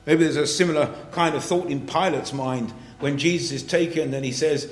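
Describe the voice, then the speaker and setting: A man's voice: on the high side, moderate pace. Earnest man preaching in an echoey church. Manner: earnest, rising to emphatic, reads scripture in King James wording. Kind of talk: sermon.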